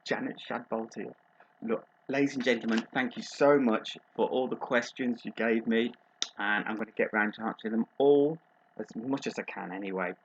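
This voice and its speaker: A man's voice: mid-range voice, normal speed, dull audio, slight background noise, natural voice. A man playing a chatty middle-aged female agony aunt from Birmingham who calls everyone darling and drops innuendo. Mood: gossipy. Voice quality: gossipy, innuendo-laden, calls people darling. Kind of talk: comic advice show monologue.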